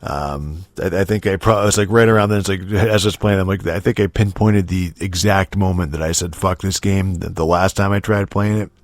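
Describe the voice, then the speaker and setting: Low voiced guy ranting on a podcast, swears constantly, sarcastic, lots of likes and ums, dead dry sound. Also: fairly quick, few pauses, no echo. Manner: rambling, profane, sarcastic, many fillers. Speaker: podcast host. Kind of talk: casual chat.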